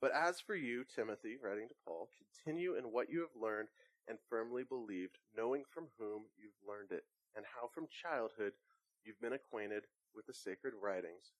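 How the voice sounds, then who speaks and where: A man, a pastor with young children, preaching a conversational sermon and telling lively family stories. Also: fairly low pitch, normal speed, no echo. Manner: conversational preaching with animated anecdotes.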